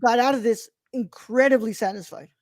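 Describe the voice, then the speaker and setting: Chatty higher-pitched woman, dry sound. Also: a little fast, a little mellow, dry recording. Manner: rambling, many restarts, enthusiastic. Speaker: podcast co-host. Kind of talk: casual film review chat.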